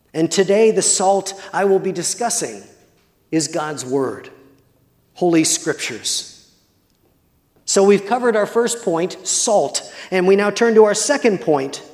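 Slow, high-voiced preacher in a reverberant hall. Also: male voice, darkish tone. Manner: measured, deliberate preaching with slow emphasis; asks the congregation questions. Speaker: pastor. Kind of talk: sermon. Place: church.

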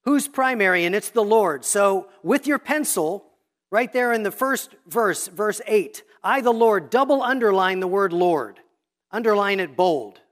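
A preacher in a church with a notably high-pitched voice. He teaches patiently and methodically, guiding his congregation through a scripture passage line by line as they mark their leaflets. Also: expressive, a little slow, a bit bright. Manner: instructive, walking listeners step by step through a text. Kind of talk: sermon teaching Bible study method. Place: church sanctuary.

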